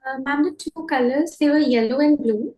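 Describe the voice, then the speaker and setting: A woman answering a trainer's question and feeling her way through with many "uh"s. Her voice is high and bounces around an echoey room. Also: normal speed, dark tone. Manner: hesitant, many "uh" fillers. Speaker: teacher in training, participant.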